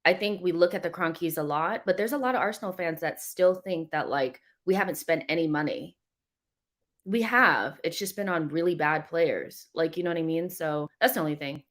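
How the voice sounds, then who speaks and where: A woman's voice: on the low side, moderate pace. A woman co-hosting a football fan stream, playful and taunting, laughing a lot in casual banter. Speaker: co-host of a football fan show.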